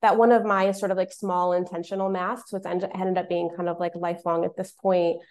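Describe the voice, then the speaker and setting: A woman's voice: on the low side, little pitch movement, fairly quick, a little mellow. A woman from the American Midwest hosting a casual panel conversation, talking in a chatty way with lots of fillers and restarts. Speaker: discussion host.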